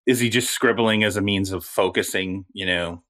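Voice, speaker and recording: A man reporting on sports in a casual talk show, telling stories in an animated way. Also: lowish voice, normal speed. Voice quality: animated, storytelling.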